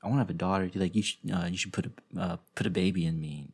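Deep gravelly man, husky and rambling. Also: steady tone, racing. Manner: rambling, self-interrupting storyteller with frequent restarts. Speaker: podcast host. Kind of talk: casual podcast chat.

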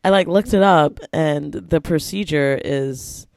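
A woman's voice: sits low, unhurried, vocal fry, a little mellow, no echo. A woman co-hosting a casual chat show, talking in a wry, chatty way and laughing often. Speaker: co-host.

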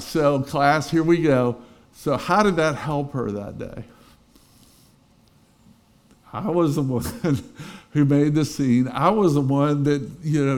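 A middle-aged man preaching a sermon as pastor, telling a personal story with swings between loud emphasis and quiet, intense moments. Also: mid-range voice.

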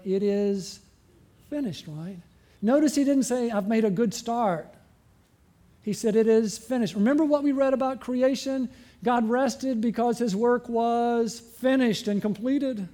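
A man preaching a sermon as pastor, asking the congregation frequent rhetorical questions and slowing and dropping his voice for emphasis. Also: very high-pitched. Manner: varies pace and loudness, slowing and dropping for emphasis.

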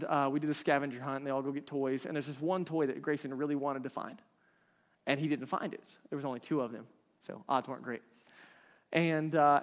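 High-voiced pastor in a reverberant hall. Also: male voice. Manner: conversational, keeps checking in with the crowd. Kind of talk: sermon. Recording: long reverb of a large hall.

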